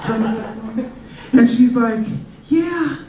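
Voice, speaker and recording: Comedian guy, fairly high voice, chatty storytelling, roomy club mic picked up from far. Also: expressive, moderate pace, a little hiss or hum. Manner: casual, conversational, loose storytelling. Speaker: stand-up comedian. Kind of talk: stand-up comedy set. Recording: echoey club, distant mic, crowd. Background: audience laughter.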